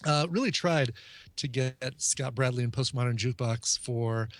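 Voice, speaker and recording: A man's voice: mid-range voice, normal speed, no echo. A man co-hosting a podcast, chatting in an easygoing way with lots of hesitations. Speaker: podcast co-host. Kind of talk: casual chat.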